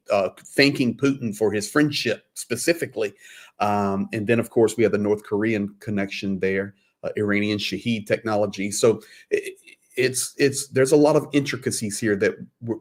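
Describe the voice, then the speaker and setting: A man co-hosting a casual live stream, talking straight to the audience. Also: fairly low pitch.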